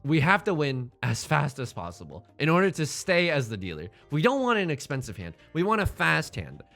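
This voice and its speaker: Lively jokey man narrating gameplay. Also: fairly high pitch, fairly quick, creaky, faint music behind. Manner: jokey, self-mocking, pleading with the game. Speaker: let's play host. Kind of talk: game commentary.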